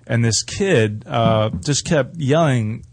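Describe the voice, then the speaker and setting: A man's voice: medium pitch, slow pace, dry recording. A man being interviewed, telling a story in a rambling, profane, laughing way. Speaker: guest, professional wrestler.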